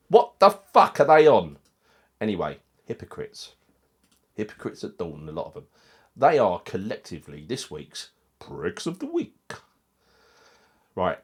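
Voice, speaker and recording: A man hosting a football fan channel, delivering a heated, sweary rant in casual commentary. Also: deep voice.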